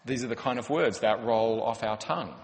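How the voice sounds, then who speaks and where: A man's voice: mid-range voice, fairly quick, slight background noise. A man, a pastor preaching a sermon in an earnest, conversational way with rhetorical questions. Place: church hall. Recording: long church-hall reverb.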